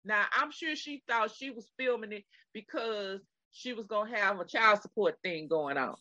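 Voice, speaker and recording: Texan woman co-host, animated storyteller, bright voice, lo-fi dry recording. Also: normal speed, no echo. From Texas. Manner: animated retelling, acting out quotes in a high screaming voice. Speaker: podcast co-host. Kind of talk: casual storytelling chat.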